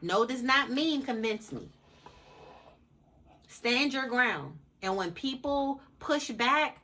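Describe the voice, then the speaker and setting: A blunt woman talks straight to her viewers with a bright, forceful voice that sits a little high. She swears freely and hammers her points home by repeating them. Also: expressive, slow pace. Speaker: advice channel host. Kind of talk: casual motivational talk to camera.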